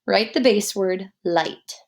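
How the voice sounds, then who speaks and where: A woman teaching a guided spelling lesson, dictating words slowly and spelling them out letter by letter. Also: mid-range voice.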